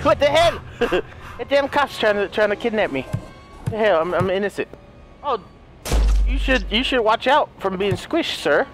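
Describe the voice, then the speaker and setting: Hyper gamer dude yelling at the game, high voice, bouncy, music under it. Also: male voice, moderate pace. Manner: excitable, shouting, laughing, talking to game characters. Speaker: gaming commentator. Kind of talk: let's play commentary.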